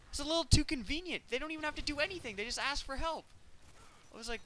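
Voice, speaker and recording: A man giving casual commentary over his gameplay, talking in an animated, ranting, incredulous way. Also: very high voice, quick pace, slight background noise, poor audio.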